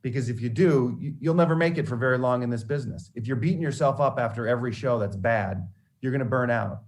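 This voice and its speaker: A man's voice: medium pitch, fast talker. A man who works as a sportscaster, telling candid stories to students about mentors and failure, with frequent restarts as he goes. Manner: candid, animated storyteller with many restarts. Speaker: sportscaster giving a mentoring talk. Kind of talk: storytelling speech to students.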